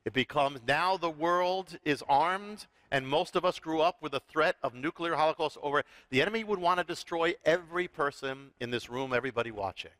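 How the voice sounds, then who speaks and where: Bright-voiced man teaching prophecy. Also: on the high side, a little fast, hardly any pauses, no echo. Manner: animated storyteller, restarts and repeats words. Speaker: rabbi teaching on a talk show. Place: TV studio with audience.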